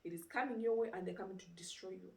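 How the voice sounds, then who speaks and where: Fast-talking with noticeable vocal fry, this woman delivers an informal sermon in a mid-range voice, far from the mic in a roomy space. She recounts a story energetically, posing rhetorical questions and frequently saying "you know".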